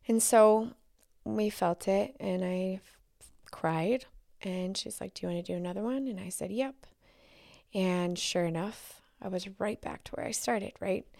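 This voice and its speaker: A woman hosting a solo podcast, talking candidly and haltingly, often dropping to a near whisper. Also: medium pitch, a little mellow, dry recording, studio quality. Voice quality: gravelly fry. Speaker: podcast host.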